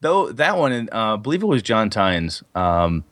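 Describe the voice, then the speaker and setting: Low-voiced man rambling on a podcast. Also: measured pace, dry recording, studio quality. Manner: rambling, animated storyteller with many fillers. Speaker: podcast co-host. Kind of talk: casual podcast chat about tabletop gaming.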